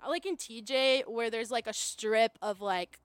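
A young woman tells a story in a lively, animated way, jumping into the voices of the people she quotes. Her voice sits high, and the sound is dry and close, with no room around it. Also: unhurried, smooth, no room sound. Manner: animated, acts out quoted voices, laughs often. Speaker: guest storyteller. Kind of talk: casual storytelling chat.

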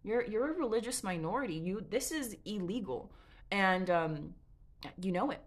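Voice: mid-range voice, lively intonation, moderate pace, lightly acted. Narrator putting on a cunning, self-important official, crude and insistent. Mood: threatening. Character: entitled, persistent, cunning Roman official.

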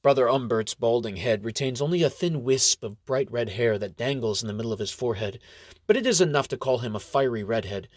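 A man's voice: medium pitch, expressive, a little fast, no room sound. Man narrating a story, dry and close.

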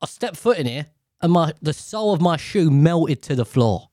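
A man's voice: on the high side, expressive, normal speed, a little mellow, dry recording, clean studio sound. A man hosting a podcast alone, rambling casually with lots of swearing, slang and jokes while he sits sweating in a hot little room. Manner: profane, joking, slangy. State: sweaty and overheated. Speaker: podcast host. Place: small hot room indoors.

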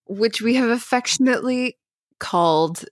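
A young woman, co-hosting a podcast and telling a story in a casual, animated way, full of fillers. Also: a little high, normal speed. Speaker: podcast co-host.

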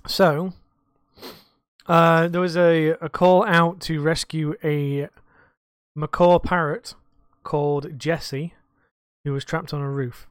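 A man's voice: a little high, little pitch movement, slow pace, clean tone, dry recording, studio quality. A man co-hosting a casual podcast, telling rambling, sweary stories from his bar work. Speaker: podcast co-host; bar worker.

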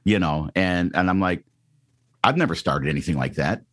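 A man's voice: sits low, lively intonation, normal speed, a bit bright. A middle-aged man from the Chicago area, a radio DJ telling a story in a casual interview, acting out quotes with lots of ums and restarts. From Chicago area, Northwest Indiana. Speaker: radio DJ guest.

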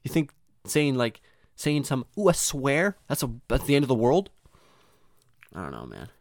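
Animated, swearing young man telling stories. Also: mid-range voice, normal speed, no echo, studio quality. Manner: rambling, profane, slangy, acts out voices. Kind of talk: casual storytelling monologue.

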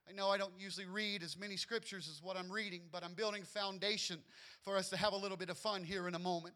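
Brief: emphatic, playful male preacher with a bright, forceful tone. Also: high voice, steady tone, fast talker. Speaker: pastor. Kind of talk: sermon.

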